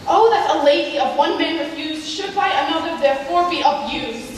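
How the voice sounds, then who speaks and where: A lovelorn, self-pitying young noblewoman, played by a teenage girl in a school play, pleading in a wounded voice. The voice is very high. It rings with long hall reverb and is heard from far away, with a little noise. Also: normal speed. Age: teens. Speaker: student actor.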